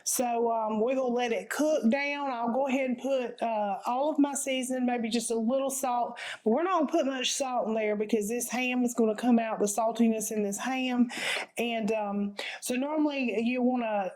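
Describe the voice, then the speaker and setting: A woman's voice: fairly high pitch, steady tone, normal speed, a little mellow, rough recording. A woman, casually talking viewers through a home cooking recipe in a folksy, chatty way from her kitchen.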